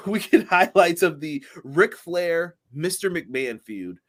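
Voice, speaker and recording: A man's voice: fairly high pitch, lively intonation, slow pace, a bit bright. A man co-hosting a casual wrestling review podcast, laughing often and reading out viewer comments. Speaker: podcast co-host.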